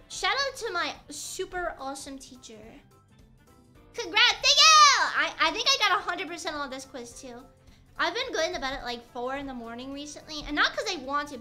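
A woman's voice: high-pitched, pushed and bright. A young woman streamer chatting playfully and rambling while she crafts on stream.

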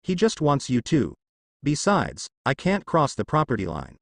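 A man's voice: a little high, wildly swooping pitch, normal speed, vocal fry, dry recording, clean studio sound, heavily acted. A man reading an urgent worried mother. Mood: pleading. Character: worried mother urging her son to flee.

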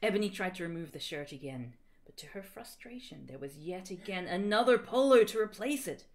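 A woman reading fan fiction aloud for laughs, mostly deadpan narration with sudden squealing shouted quotes. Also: medium pitch, a little fast. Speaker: co-reader.

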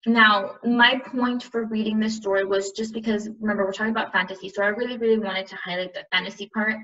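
A woman's voice: mid-range voice, steady tone, quick pace, a bit bright, recorded from a distance, muffled recording. A woman teacher reading a novel aloud, then explaining it to her class in a casual, chatty way.

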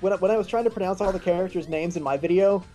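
A young man hosts a gaming video, explaining the game in an easy, chatty way and grumbling about lag. His voice is mellow and dark in tone. Quiet game music plays behind him. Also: high voice, very fast. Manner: explains, complains about lag, laughs easily. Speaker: channel host. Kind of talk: casual gaming commentary.

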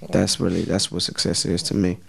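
In a casual interview chat, an American rapper and actor guest speaks in a low, monotone voice with vocal fry, keeping a brisk pace. He's laid-back and slangy, frequently repeating words as he begins a sentence.

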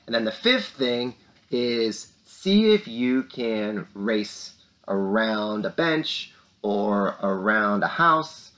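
A man's voice: on the low side, expressive, slow, a bit bright. Upbeat man hosting school announcements. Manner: upbeat, speaks to kids with rising emphasis. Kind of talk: lively morning announcements for children.

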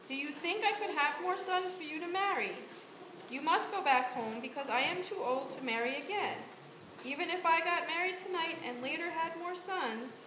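A woman volunteer reading the part of Naomi, a grieving widow, aloud in church. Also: high voice. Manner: earnest plain read-aloud delivery. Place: church sanctuary. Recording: echoey church room with hiss.

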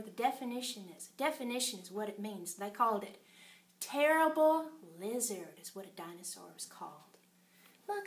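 A woman teacher leading circle time for small children and reading a picture book aloud with expressive storytelling. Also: a little high. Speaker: preschool teacher. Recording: echoey classroom.

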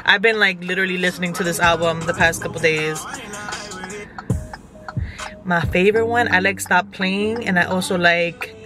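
A woman's voice: lowish voice, fairly even intonation, moderate pace, long pauses, over music. A young woman vlogging from her car, chatting casually and rambling, swearing freely and saying "like" a lot. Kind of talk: casual day-in-my-life chat. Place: in a car, driving. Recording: road noise from a moving car.

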